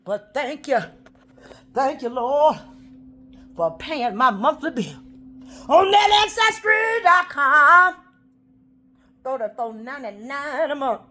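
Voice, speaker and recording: A woman rambling aloud in a monologue, talking to God and to her auntie, drifting from soft murmurs into loud outbursts. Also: high voice, big pitch swings, takes it slowly, long pauses. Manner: talks aloud to God and her auntie, breaking into song snatches.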